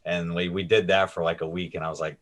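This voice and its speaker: A man with a fairly low voice hosts a relaxed coaching podcast. He laughs easily and rattles off short stories from his own coaching days in a friendly back-and-forth. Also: fast. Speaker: podcast host, strength coach. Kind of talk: casual interview talk.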